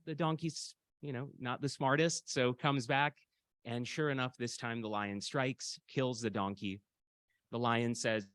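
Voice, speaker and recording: A man giving a public lecture in a conversational, storytelling way, often pausing with hesitations. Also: medium pitch, a bit bright, dry recording.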